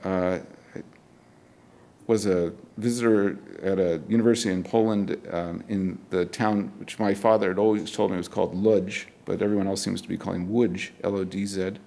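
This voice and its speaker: Middle-aged man, poet, measured poetry reading, casual asides between poems, university event. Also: deep voice, steady tone, creaky, mellow.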